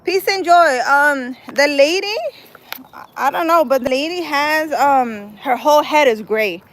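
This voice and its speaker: Here a woman speaks in a high, fairly bright voice at a measured pace, chatting casually as she walks outdoors in a city park during a live stream. Reading the live chat, the vlogger rambles with lots of "like" and "I don't know." The recording is rough, carrying a little hiss or hum.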